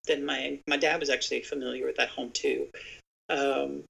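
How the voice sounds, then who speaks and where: Earnest storyteller with a gravelly voice. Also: medium pitch, little pitch movement, normal speed, fairly bright tone, poor audio. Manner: earnest, speaks directly to listeners. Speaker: podcast guest speaking on real estate agent safety. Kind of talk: conversational storytelling.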